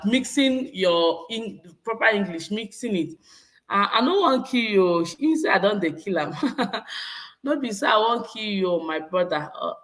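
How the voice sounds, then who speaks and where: A Nigerian woman in her thirties, working as a vlogger, reads her live chat and talks casually with viewers in a live stream. Her mid-range voice has a fairly bright tone. She laughs a lot, slips from English into Pidgin, and repeats herself.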